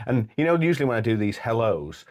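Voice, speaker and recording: A man's voice: mid-range voice, sing-song, fast talker, darkish tone. A man co-hosting a podcast in casual chat, rambling and laughing often. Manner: chatty, laughs a lot, sings snatches of songs. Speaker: podcast co-host.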